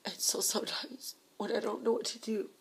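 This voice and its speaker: A woman recording a personal video letter to her husband, speaking softly and intimately, often slipping into a breathy half-whisper and sounding tearful. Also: on the high side, little pitch movement, fairly quick, rough recording. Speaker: vlogger.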